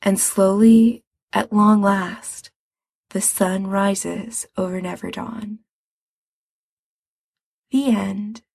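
A woman reading a story aloud in a soft, unhurried narration. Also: medium pitch, little pitch movement, gravelly, breathy edge, no room sound. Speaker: audiobook reader. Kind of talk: storybook narration of fan fiction.

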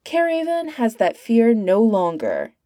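A woman voicing an eerie, calm male narrator of a spooky television show. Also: on the high side, dry recording, studio quality. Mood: ominous. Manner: calm, ominous, slow.

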